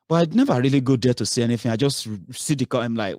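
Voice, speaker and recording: A man's voice: medium pitch, animated, fast talker, hardly any pauses, a little mellow, no room sound, studio quality. A man giving a heated political commentary, scolding his listeners with rhetorical questions and swearing.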